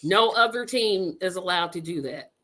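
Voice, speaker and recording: A woman in her fifties from Indiana, hosting a podcast in a casual, animated, emphatic way, often repeating herself for effect. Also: lowish voice, normal speed. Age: 50s. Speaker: podcast host. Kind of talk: casual chat.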